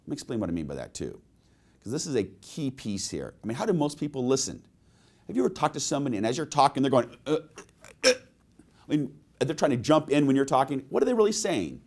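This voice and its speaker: A sales trainer giving a webinar presentation, telling stories and asking the audience rhetorical questions. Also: male voice, mid-range voice, sing-song, fast, darkish tone.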